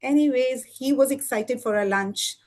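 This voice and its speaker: A woman telling a lively children's story at a storytelling evening, with expressive voices and sound effects. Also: sits high, moderate pace. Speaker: storytelling student. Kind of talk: live storytelling performance for children.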